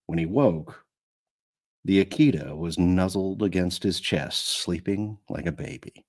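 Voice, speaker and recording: A man's voice: deep voice, a little slow, darkish tone. A man narrating an audiobook live, going back over lines when he stumbles. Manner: rereads lines after stumbles. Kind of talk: reading an audiobook aloud.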